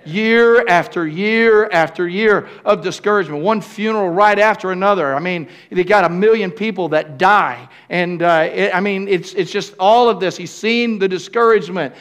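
A man's voice: sits high, moderate pace, few pauses, fairly bright tone, clear, resonant tone. A man preaching a sermon as the pastor of a church, speaking emphatically and calling out to his congregation.

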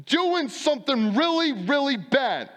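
A man voicing a whiny, defensive churchgoer who pleads in a high, drawn-out voice. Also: very animated, fairly bright tone, big-room sound, exaggerated voice. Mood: whiny excuse.

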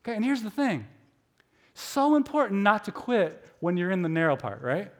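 High-voiced chatty male preacher. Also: moderate pace. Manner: chatty, self-deprecating, many filler likes; animated storytelling with acted inner voices. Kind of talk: conversational sermon.

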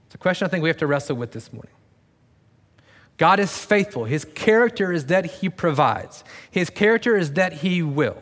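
In a church sanctuary, a pastor with a slightly bright, high-leaning voice gives a conversational sermon to his congregation. He jokes at his own expense and drops sarcastic asides now and then, and the large room adds a long reverb.

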